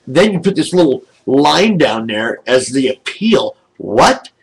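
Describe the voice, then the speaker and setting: An older man ranting angrily to his camera from home, indignant and aggrieved, with a husky voice. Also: medium pitch, sing-song, measured pace, rough recording. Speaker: video blogger. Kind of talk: angry webcam rant. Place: home, seated in a wheelchair.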